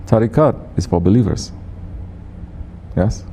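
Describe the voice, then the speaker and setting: A man with a Turkish accent teaches a congregation in a low, gravelly, mellow voice. He keeps asking the listeners questions and teases them. A faint hum sits under the recording. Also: moderate pace. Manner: questions the audience, teasing and repetitive. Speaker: sufi teacher.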